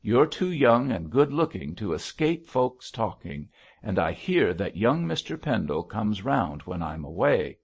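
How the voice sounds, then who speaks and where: Quality: husky; a man doing a gruff innkeeper. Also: lowish voice, sing-song, dull audio, exaggerated voice. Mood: angry. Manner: gruff, quick-tempered.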